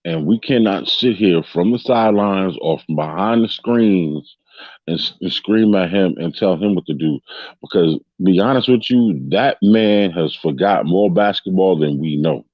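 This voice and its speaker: A very deep-voiced man hosts a casual fan podcast, rambling on with restarts and constant check-ins with his listeners. The sound is dry and close, a little dull and lo-fi. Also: measured pace, no echo. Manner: rambling, loose and chatty, with many restarts and tag questions. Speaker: podcast host.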